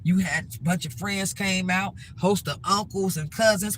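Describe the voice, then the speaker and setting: A woman's voice: medium pitch, normal speed, hardly any pauses, slight background noise, rough recording. Blunt, heated middle-aged woman vlogger. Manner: emphatic, repetitive, blunt and heated. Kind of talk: ranting to-camera vlog.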